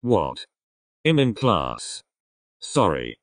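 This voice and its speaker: A withdrawn teenage boy, low and flat, who gives short, mumbled answers as if he would rather not talk at all, as a man puts him on. He sounds dry and close, with no room around his voice. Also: very slow, no room sound, exaggerated voice. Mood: flat, reluctant. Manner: mumbled, curt replies.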